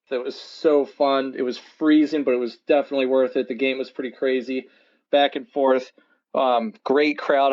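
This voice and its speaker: A man recounts a personal story in an excited, rambling way, full of fillers. His voice sits at a middle pitch. The recording is dull and lo-fi. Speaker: listener telling a story.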